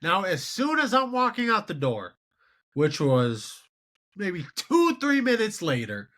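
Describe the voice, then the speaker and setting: A man in his twenties hosting a solo sports show, giving animated, exasperated commentary on game results. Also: high-pitched, takes it slowly. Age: 20s. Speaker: podcast host.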